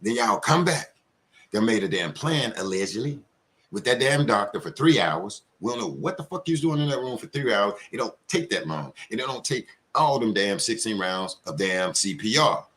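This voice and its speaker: A man's voice: fairly low pitch, normal speed. Angry profane man ranting on a live show. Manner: angry, profane, animated, mocking with put-on quotes. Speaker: commentary show host. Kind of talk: heated live commentary rant.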